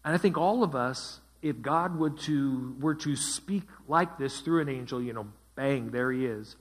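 A man's voice: mid-range voice, unhurried. A man teaching a Bible study as pastor, asking his group questions and repeating their answers. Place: church.

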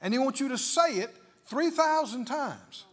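High, lively preaching man. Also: a little slow. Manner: emphatic, with rhetorical questions. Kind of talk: sermon.

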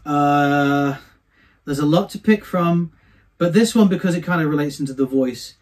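A man, a singer, being interviewed and telling anecdotes from his career in a chatty, animated way. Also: fairly high pitch, moderate pace. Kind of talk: casual storytelling.

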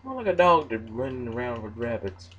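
A man hosting casual gameplay commentary, excitable and jokey, who breaks into mock-outraged shouts. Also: mid-range voice, brisk, highs cut off, background noise. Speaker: gaming channel host.

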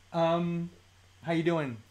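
A live-stream host talking casually about toy collecting at a home desk mic, chatty, mildly profane and quick to laugh. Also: mid-range voice, a little mellow. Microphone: desk microphone.

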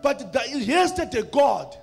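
A man from South Africa with a South African accent preaching a sermon, with rhythmic, half-sung, shouted phrases. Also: very high voice, sing-song, measured pace, creaky, faint music behind.

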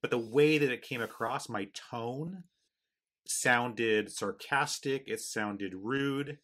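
Bright animated man hosting a podcast. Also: mid-range voice. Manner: animated storyteller, quick bursts. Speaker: podcast host. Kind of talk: conversational podcast interview.

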